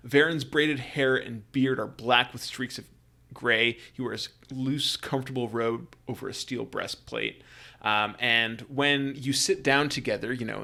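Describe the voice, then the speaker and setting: Gravelly-voiced man running a tabletop game. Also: medium pitch, sharp tone. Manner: halting, full of fillers and restarts, friendly. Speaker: game master.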